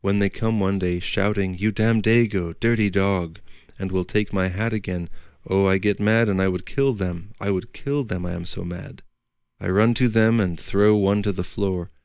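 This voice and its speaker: A man voicing a gentle young Italian emigrant man who speaks in simple, repetitive broken English. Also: low-pitched, creaky, smooth, no echo, clean studio sound.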